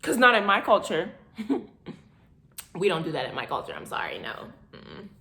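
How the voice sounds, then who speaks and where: A woman in her twenties telling a personal story in a casual vlog, animated and dramatic, often breaking into laughter. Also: lowish voice, brisk, creaky, reverberant. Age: 20s. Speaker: vlogger.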